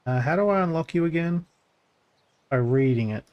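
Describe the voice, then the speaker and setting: A man's voice: lively intonation, moderate pace, long pauses, darkish tone, clean tone. A man casually narrating his gameplay as a streamer, thinking aloud with lots of fillers and restarts. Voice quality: voice gets crackly when pushed deep.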